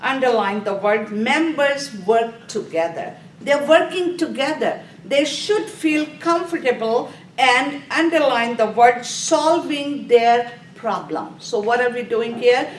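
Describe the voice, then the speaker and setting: A woman's voice: on the high side, expressive, slow. A woman instructor giving a classroom review lecture, asking questions, answering them herself and telling students to underline key words. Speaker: nursing exam review instructor. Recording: echoey room, voice from a distance, faint noise.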